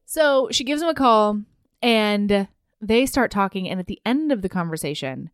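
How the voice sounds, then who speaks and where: A woman's voice: medium pitch, moderate pace, smooth, dry recording. A woman co-hosting a podcast, retelling a story in casual chat and acting out the characters. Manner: animated, acts out characters, laughs often. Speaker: podcast co-host.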